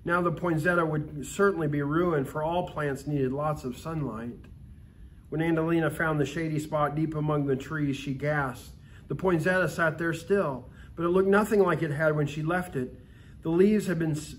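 A man reading a Christmas story aloud in a calm, expressive storytelling manner, with occasional small slips. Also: a little high. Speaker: story reader.

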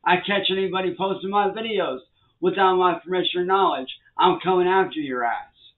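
A man's voice: sits high, moderate pace. A man ranting angrily to the camera, swearing and repeating threats and warnings at people he calls trolls. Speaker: vlogger. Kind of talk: angry rant to the camera. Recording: tinny phone-like sound.

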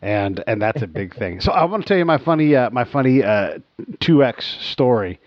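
A man hosting a podcast, telling stories in an animated, casual way and laughing often. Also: medium pitch, normal speed, no echo. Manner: animated, laughing, breaks into quoted voices. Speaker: podcast host. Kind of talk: casual storytelling. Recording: dry, dull lo-fi sound.

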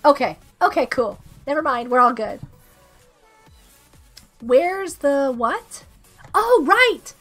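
A woman with a very high voice chats through a live game stream, bubbly and quick to giggle. She is sick and a little coughy, and faint background music plays under her. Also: very animated, a bit bright. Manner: bubbly, giggly, reads chat aloud. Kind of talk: casual live-stream chat.

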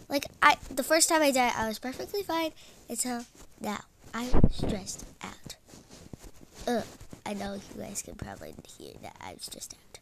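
A woman's voice: a little high, big pitch swings, measured pace, gravelly, noisy background. A woman giving casual, stressed-out gameplay commentary, exclaiming often and saying "like" a lot. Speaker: gaming channel host.

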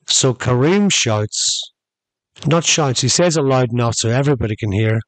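A man's voice: mid-range voice, moderate pace, no room sound. A man hosting a podcast, telling a rambling story casually and calling his listeners folks. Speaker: podcast host.

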